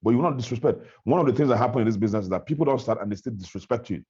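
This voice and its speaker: A man's voice: medium pitch, very fast, a little mellow, slightly rough, dull audio. A man on a video call, giving a fiery, repetitive motivational talk to his team about his business. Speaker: network marketing trainer.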